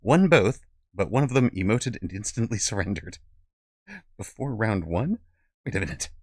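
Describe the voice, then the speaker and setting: A man's voice: fairly low pitch, lively intonation, normal speed, breathy edge, no echo. A middle-aged man streaming a strategy game, chatting playfully, thinking aloud about his moves and laughing often. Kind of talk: casual game commentary.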